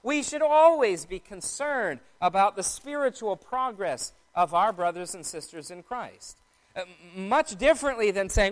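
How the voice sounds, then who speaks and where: Man preaching a measured sermon. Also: sits high, sing-song. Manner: measured, explanatory teaching tone.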